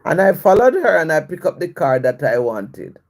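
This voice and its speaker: A woman chats through a personal story on a live video. Her pitch swings freely as she talks. She often stops to bless and greet her viewers. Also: big pitch swings, normal speed. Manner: warm blessings to viewers, repetitive and reflective. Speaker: live-stream host.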